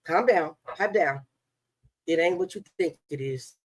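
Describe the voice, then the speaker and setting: A woman's voice: low voice, expressive, measured pace, slightly rough. A woman hosting a casual live stream, talking in a sassy, blunt, taunting way straight at someone she is calling out. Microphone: webcam live stream.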